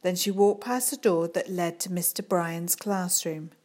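A woman reading a children's book aloud in a calm, unhurried storytelling manner. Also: fairly low pitch. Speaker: audiobook reader.

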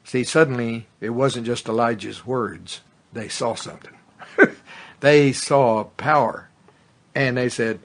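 A man preaching a fervent sermon that builds to loud exclamations, then leads a prayer. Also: mid-range voice, slow pace. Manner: fervent, rising to exclamations, tongues.

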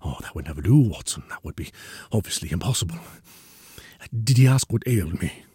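Sick detective, voiced by a man: feeble, halting, whispery, then commanding, dry close sound. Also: low-pitched, animated, mellow, slightly rough, dry recording, exaggerated voice. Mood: weak. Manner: weak, halting, often whispered, rising to urgent pleas.

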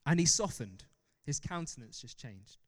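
A man's voice: fairly high pitch, moderate pace. Young preacher man in a reverberant hall. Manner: animated, laughs often, self-deprecating asides. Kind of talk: sermon. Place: church hall. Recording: long reverb of a large hall.

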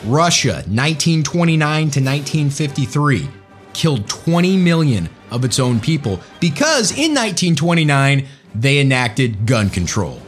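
Animated sarcastic man ranting. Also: medium pitch. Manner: sarcastic, emphatic, jokey. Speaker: commentary host. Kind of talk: ranting political commentary.

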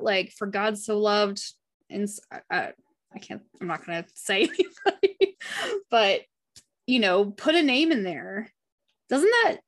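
A woman leading a casual Bible study, reading passages aloud and talking about them in an earnest, heartfelt way. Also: mid-range voice. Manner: earnest and heartfelt, chatty with frequent "like".

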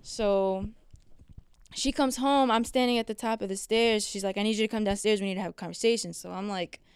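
Young woman, casual storytelling, profane, very clear voice, dry sound. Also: mid-range voice, fairly even intonation, no echo. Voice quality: emotional, profane, quick storytelling.

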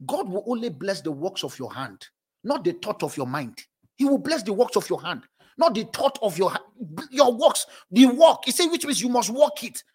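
A man preaching a sermon as pastor, animated and often breaking into laughter between phrases. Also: sits high, normal speed, husky. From moved to South Africa as an adult.

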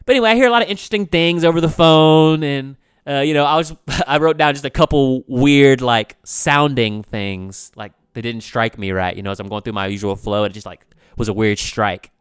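A man hosting his own podcast in casual chat, rambling loosely and swinging between loud bursts and quiet asides. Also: mid-range voice, fairly quick, clear, resonant tone, dry recording, studio quality. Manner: loose, rambling, frequent "you know what I'm saying". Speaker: podcast host.

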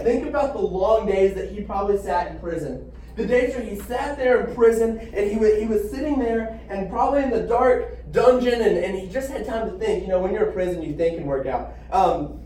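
A young man teaches a Bible class, telling the story with animated asides and little restarts. His voice sits high but mellow in tone. He sounds distant from the mic in a very echoey room.

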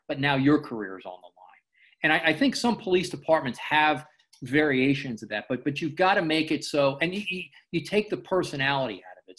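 A man's voice: on the high side, fairly bright tone. A man being interviewed, speaking earnestly and often repeating words as he gathers his thoughts. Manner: earnest, halting, repeats words while thinking. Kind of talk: casual interview conversation.

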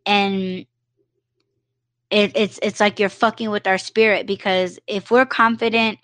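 Woman podcast host, casual solo livestream, mid-pitched, dry close sound, rambling and profane. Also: fairly bright tone, no echo. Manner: rambling, frequent "you know", swears freely, acts out quoted exchanges.

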